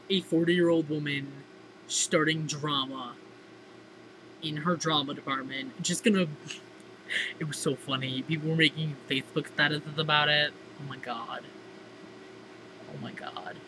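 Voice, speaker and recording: A woman's voice: low voice, background noise. A teenage girl chatting casually in a diary-style vlog, gushing and theatrical, filling her talk with "like". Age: teens. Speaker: vlogger.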